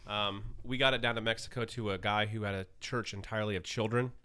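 A man guest in a casual interview, telling lively anecdotes with a self-deprecating touch. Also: fairly low pitch, fast, clean tone.

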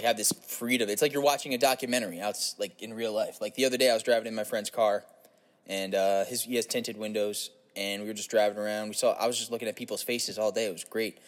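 A man's voice: fairly low pitch, fairly even intonation, fast. A young man rambling through a casual, profane comic podcast monologue. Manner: casual, profane, slips into silly put-on voices. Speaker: podcast host.

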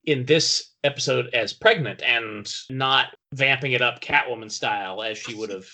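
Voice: medium pitch, normal speed, sharp tone. A podcast host leading a casual chat, easygoing with hesitant fillers.

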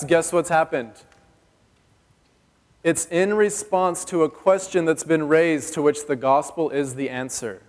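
A male pastor preaching a sermon in a church hall, chatty and joking, asking the congregation questions. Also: fairly high pitch. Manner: conversational and joking, asks the audience questions. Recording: long reverb of a church hall.

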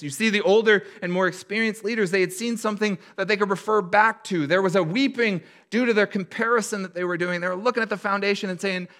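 A man preaching a sermon as a pastor, telling stories in an animated way and acting out the voices of a crowd. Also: high-pitched.

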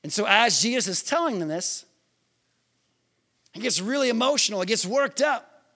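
A pastor with a high-pitched, bright, and forceful voice preaches a conversational sermon at a moderate pace, his intonation lively. He asks listeners questions and acts out scenes from scripture.

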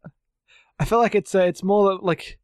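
A man co-hosting a casual podcast, talking in halting bursts full of restarts and fillers. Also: sits high, steady tone, darkish tone, dry recording, studio quality. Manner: halting, many restarts and fillers, self-deprecating. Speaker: podcast co-host.

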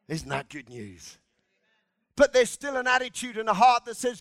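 A male preacher delivers an impassioned sermon in a church. His voice sits very high for a man, and he swings from quiet asides to full-throated shouts. The sound is dry and close. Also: sing-song, brisk, no room sound. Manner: impassioned, shouting in bursts, congregational call-and-response.

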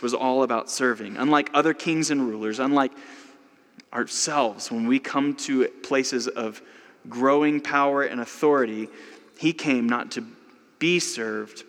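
A man's voice: mid-range voice, unhurried. A man in the middle of his vocal range preaches a sermon, talking to his congregation conversationally and leaning on "like" as he builds homely examples. His voice carries a long reverb, as if from a church sanctuary. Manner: conversational, frequent "like", lively illustrations. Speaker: pastor.

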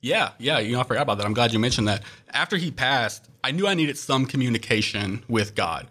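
A young man with a bright, forceful voice, speaking as a guest on an interview show. He tells his story earnestly and reflectively, with plenty of "uh"s along the way. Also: medium pitch, expressive, fairly quick. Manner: earnest, reflective, frequent "uh" fillers. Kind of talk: personal testimony in interview.

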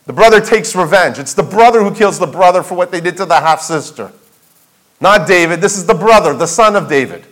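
Emphatic high-voiced male pastor preaching. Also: expressive, a little fast, fairly bright tone, low-quality recording. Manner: emphatic, rhetorical questions, repeats key phrases. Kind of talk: sermon. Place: church sanctuary.

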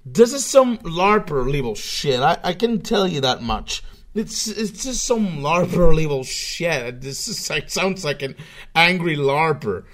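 Male streamer, slightly high voice, mocking and crude, casual reaction commentary. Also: lively intonation, measured pace. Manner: swearing, mocking, swings from mutters to loud outbursts. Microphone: webcam setup microphone.

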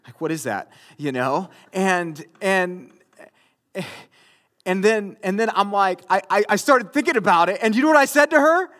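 A man with a high voice preaches to a congregation. He talks casually and directly to the room, and now and then gets louder and more emphatic. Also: expressive, moderate pace. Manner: conversational preaching, rising to loud emphatic bursts. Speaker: pastor. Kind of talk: sermon.

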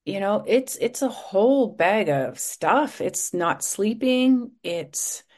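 A woman's voice: medium pitch, takes it slowly. A middle-aged woman, a podcast host being interviewed, chatting casually and acting out quotes as she tells stories. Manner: animated storytelling, acts out quotes.

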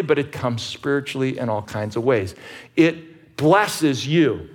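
A man's voice: medium pitch, a little slow. A middle-aged man preaching a sermon as pastor, emphatic and conversational, often repeating words as he restarts.

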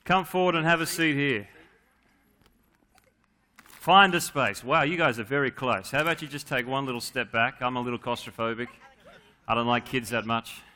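A man's voice: mid-range voice, moderate pace, pauses often, sharp tone. A man leading a playful, joking children's talk at a church service, coaxing kids to answer.

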